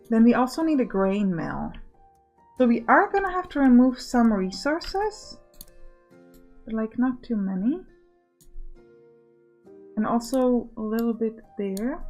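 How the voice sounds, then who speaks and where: Higher-voiced woman narrating her factory game, chatty and thinking out loud, faint music behind. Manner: chatty, thinking aloud, bossing game units. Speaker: let's play host. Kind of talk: casual game commentary.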